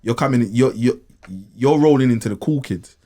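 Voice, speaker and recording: A man co-hosting a podcast, talking in animated, repetitive slangy banter. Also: medium pitch, normal speed. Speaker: co-host. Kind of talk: casual podcast chat.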